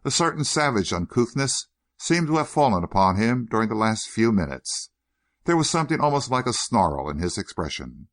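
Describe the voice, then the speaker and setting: A man with a low voice narrates a period novel for an audiobook, measured yet lively. He ranges widely in pitch to shape each sentence, and the recording is studio quality with no room sound.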